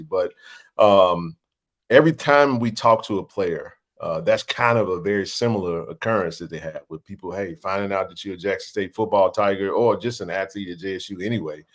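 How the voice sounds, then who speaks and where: A man's voice: low-pitched, brisk. A man hosting a casual sports interview, asking long, winding questions. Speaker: podcast host.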